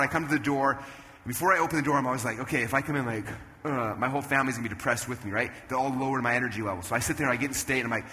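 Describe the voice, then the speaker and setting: A man in his thirties giving an energetic stage talk at a business event, telling animated stories and jumping into loud character voices. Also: medium pitch. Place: event stage in a large hall. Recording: long hall reverb, faint room noise.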